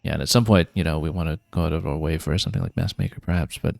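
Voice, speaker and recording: Low, gravelly-voiced man streaming a game. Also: sing-song, rapid-fire, no room sound. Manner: thinking aloud, planning out loud with fillers. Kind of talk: casual gameplay commentary.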